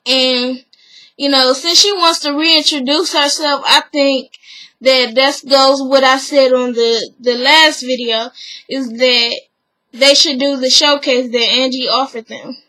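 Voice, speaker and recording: A woman's voice: high voice, fairly even intonation, a little slow, sharp tone, low-quality recording. A woman vlogger giving a chatty, opinionated, gossipy recap of a TV show, full of fillers.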